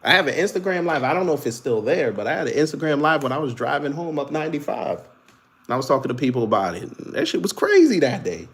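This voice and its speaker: Young male host, sarcastic and animated, casual streaming commentary. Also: fairly high pitch, quick pace. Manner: animated, sarcastic, laughs often.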